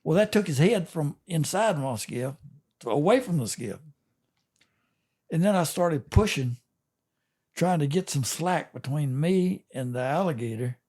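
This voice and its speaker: An older man tells a long fishing yarn in a relaxed, folksy way, chuckling between the details. His voice sits a little higher than most men's. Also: a little slow, long pauses. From Texas. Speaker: fishing captain and guest. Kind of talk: casual storytelling.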